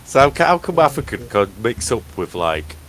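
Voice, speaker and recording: A man playing a tabletop game, talking in character with a halting, drawling manner. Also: mid-range voice, big pitch swings, a crowd in the background. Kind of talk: in-character role-play chat.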